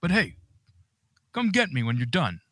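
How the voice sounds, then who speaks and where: Frazzled sitcom dad, played by a man, chatty and exasperated, lively bright delivery. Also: a little high, normal speed, dry recording, exaggerated voice. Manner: exasperated, chatty, easily excited. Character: harried middle-aged dad on vacation. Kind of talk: comedic horror audio skit.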